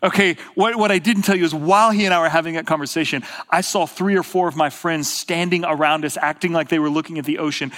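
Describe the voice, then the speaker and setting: Man preaching in a long-echo hall. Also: on the high side. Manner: conversational storytelling, rises to emphatic bursts, drops to hushed quiet. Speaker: pastor. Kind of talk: sermon. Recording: long reverb of a large hall.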